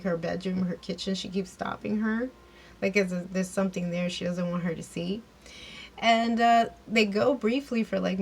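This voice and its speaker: Woman recapping a show, chatty and rambly, bit of a gravelly fry in her voice. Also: medium pitch, slight background noise. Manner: chatty, rambling with many fillers and restarts. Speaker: TV episode reviewer. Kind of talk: casual episode recap.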